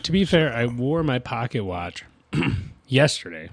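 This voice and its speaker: A man's voice: mid-range voice, sing-song, unhurried, vocal fry, no echo. A man co-hosting a podcast, telling self-mocking stories in casual chat. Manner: jokey, self-mocking storyteller. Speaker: podcast co-host.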